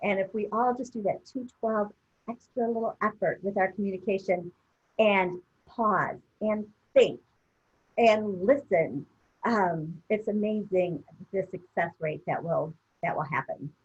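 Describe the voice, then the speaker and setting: A woman gives an enthusiastic, encouraging training talk to sales agents over a video call. Her voice is slightly husky and sits mid-pitch. The audio is dull and lo-fi. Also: measured pace. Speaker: guest trainer.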